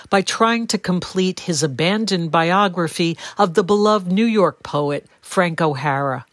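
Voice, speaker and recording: A woman, a book critic, reading a scripted review in a measured, articulate way. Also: lowish voice, no echo, clean studio sound.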